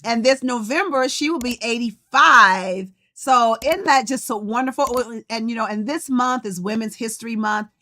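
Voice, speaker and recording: A woman's voice: a little high, moderate pace, hardly any pauses, sharp tone. A middle-aged woman hosting a podcast livestream in casual chat, greeting viewers by name. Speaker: podcast host and coach.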